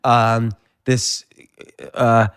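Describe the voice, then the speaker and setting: Male interview host, smooth clear voice, thoughtful and halting. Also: mid-range voice, monotone, fairly bright tone. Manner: thoughtful, halting, restarts while reasoning aloud. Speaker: podcast host. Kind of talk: casual interview chat.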